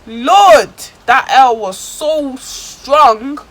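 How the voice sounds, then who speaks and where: A woman's voice: high-pitched, animated, extremely slow, fairly bright tone, low-quality recording. Slangy woman telling a story. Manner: dramatic, slang-heavy storytelling. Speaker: vlogger. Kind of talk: storytime vlog.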